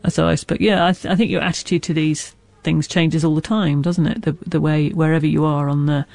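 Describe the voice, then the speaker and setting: A middle-aged woman author talks candidly in an interview, circling back with restarts and asides. She lives with a stammer, and her voice has a gravelly edge. The sound is dry and close. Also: low-pitched, steady tone, fairly quick, darkish tone, no echo. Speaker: author guest. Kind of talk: reflective interview talk.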